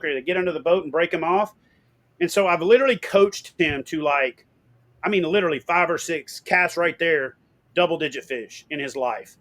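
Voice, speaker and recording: Middle-aged man, fairly high voice, animated storyteller, casual swearing, interview guest. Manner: animated, swearing, acts out quotes loudly.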